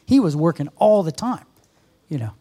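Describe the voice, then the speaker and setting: A man's voice: fairly high pitch, sing-song, normal speed, warm tone. A man in his fifties giving an earnest sermon to a church congregation, exhorting the audience directly. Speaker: guest speaker. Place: church service with a live audience.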